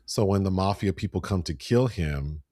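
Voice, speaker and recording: Deep-voiced man retelling a film. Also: normal speed, no room sound, clean studio sound. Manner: animated, breaks into high voices when quoting. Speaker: podcast co-host. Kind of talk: casual film review chat.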